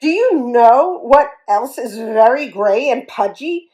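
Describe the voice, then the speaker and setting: A woman's voice: on the high side, lively intonation, slow, darkish tone. A woman voicing a touchy, weepy female hippo goalkeeper who wails and stammers as she talks. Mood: wailing. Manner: wailing, stammering.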